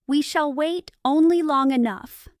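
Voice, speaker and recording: A woman reading the part of a calm, grave elderly male professor in an audiobook for English learners. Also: high voice, no room sound, studio quality, pitched above the performer's own voice. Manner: grave and measured.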